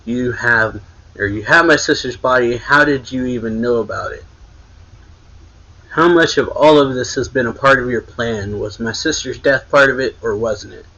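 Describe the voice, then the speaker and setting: Man reading confrontational young male archer, blunt, pointed, bright voice. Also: mid-range voice, normal speed, muffled recording. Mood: accusing. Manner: reads quotes in a pointed, raised voice.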